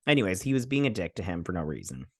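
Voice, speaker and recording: A man's voice: low-pitched, sing-song, racing, no room sound, studio quality. Offhand man rambling through a recap. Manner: rambling, offhand, many fillers and asides. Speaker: host. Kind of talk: casual episode recap and review.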